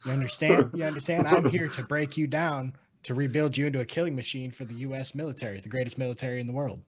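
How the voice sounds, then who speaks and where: Brief: man as a gentle painter turned drill instructor, quiet and menacing, fast clipped threats. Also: mid-range voice, steady tone, lightly acted. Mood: calm menace. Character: calm soft-spoken painter as a menacing male drill sergeant.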